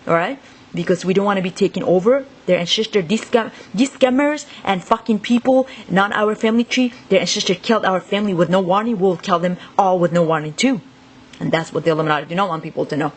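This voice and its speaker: A woman's voice: medium pitch, quick pace. Woman ranting in a profane monologue. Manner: profane, rambling, agitated ranting. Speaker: vlogger. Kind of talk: unscripted monologue to camera.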